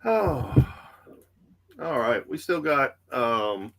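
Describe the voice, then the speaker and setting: A man's voice: medium pitch, animated, a little slow, fairly bright tone, a little hiss or hum. A man with a Southern US accent hosting a live comic book auction, easygoing and rambling with many fillers. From Texas. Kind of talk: live-stream sales patter.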